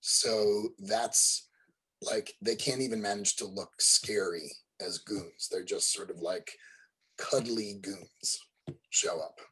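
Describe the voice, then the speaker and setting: Slow, husky game master. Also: male voice, fairly low pitch, fairly even intonation, bright, forceful tone, poor audio. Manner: hesitant, full of ums and uhs. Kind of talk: narrating a tabletop game.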